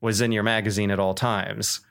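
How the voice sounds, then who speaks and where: A man co-hosting a casual games podcast, telling stories with lively bursts of excitement and frequent laughter. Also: lowish voice, normal speed, creaky. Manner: animated storyteller, laughs often. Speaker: podcast co-host. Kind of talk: casual chat about games.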